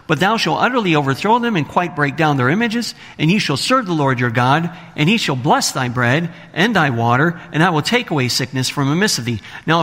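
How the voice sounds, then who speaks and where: A man's voice: a little high, bright, forceful tone. A man preaching a sermon to his congregation, reading scripture aloud and asking the listeners questions. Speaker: pastor. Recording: long hall reverb.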